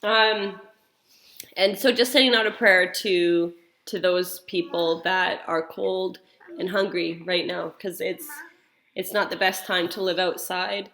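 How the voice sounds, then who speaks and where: A woman's voice: lowish voice, steady tone, takes it slowly, fairly bright tone. A woman in her thirties or forties, a mother telling a family story and then leading a church prayer in a casual, rambling way with many fillers. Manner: chatty, rambling, full of fillers and restarts.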